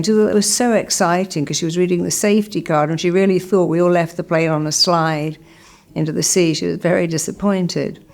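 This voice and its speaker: A woman's voice: on the low side, darkish tone. A middle-aged woman therapist, speaking to camera in a motivational talk and acting out the voices of the people in her stories. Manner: storytelling, acts out quoted voices.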